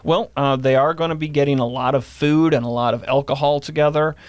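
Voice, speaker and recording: A man's voice: mid-range voice, steady tone, fairly quick, smooth, dry recording. A man talking casually on a podcast, explaining history and reading from old newspaper accounts. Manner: explanatory, reads from old newspapers, some fillers. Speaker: guest historian. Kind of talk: podcast conversation.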